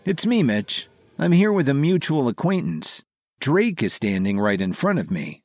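Man reading as a cool, defiant young guy, husky, for a narrated story. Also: mid-range voice, sing-song, normal speed, no echo, pitched above the performer's own voice. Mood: cold. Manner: cold, unflinching delivery.

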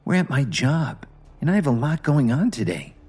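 A man voicing a gentle, polite young wife. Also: mid-range voice, very animated, breathy edge, voice pushed up. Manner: gentle, hurried, placating. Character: young wife, polite and busy office worker.

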